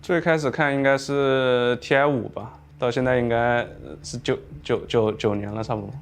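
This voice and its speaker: A man, a professional player, answering interview questions in a soft-spoken, hesitant way. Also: medium pitch, fairly even intonation, normal speed, a little hiss or hum. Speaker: pro player.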